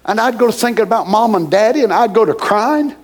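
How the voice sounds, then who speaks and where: A man preaching and praying with fervor, swinging between soft murmured prayer and loud high exclamations. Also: animated, fairly quick. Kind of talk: emotional sermon and prayer.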